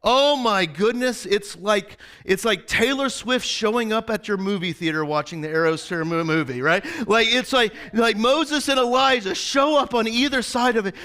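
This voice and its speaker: Bright high-voiced male pastor. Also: moderate pace, hardly any pauses. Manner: animated, rambling, constant "right?" asides. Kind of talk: storytelling sermon. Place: church service before a congregation.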